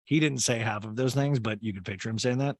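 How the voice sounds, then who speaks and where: A man's voice: mid-range voice, fast talker, dry recording. A man hosting a comedic TV recap, sarcastic and swearing freely as he acts out the scenes. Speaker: host.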